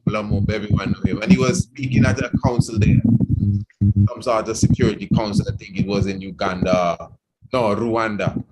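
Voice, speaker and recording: A low-pitched man with a lilt hosts an evening radio talk, musing at length and filling his thoughts with "you know". The broadcast is buried under loud hiss and clicks. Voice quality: meandering, with frequent "you know". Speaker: radio program host. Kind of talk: reflective radio talk discussion.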